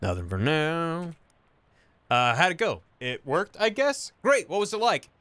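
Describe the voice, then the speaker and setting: A male streamer reads a video game's narration aloud, breaking off for casual asides. His pitch sits slightly high and moves lively, and the tone is bright and forceful. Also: a little slow, no room sound. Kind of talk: reading game text aloud while playing.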